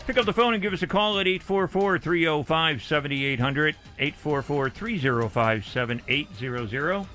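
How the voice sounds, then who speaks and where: An upbeat male radio host with a bright, forceful voice pitched slightly high greets listeners and welcomes a guest with plenty of energy. A faint music bed plays behind him. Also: animated, moderate pace, hardly any pauses. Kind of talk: radio show hosting.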